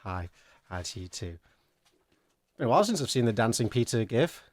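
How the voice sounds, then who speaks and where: A giggly man chatting on a charity stream, his pitch leaping all over the place. The sound is dry and close, with no room around it. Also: normal speed, no echo. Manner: giggly and excitable, swings pitch widely. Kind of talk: casual chat.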